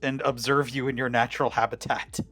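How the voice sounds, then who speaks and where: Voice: mid-range voice, little pitch movement, brisk, fairly bright tone. A cooking streamer chatting casually while making a dish, rambling with many fillers and restarts. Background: faint background music.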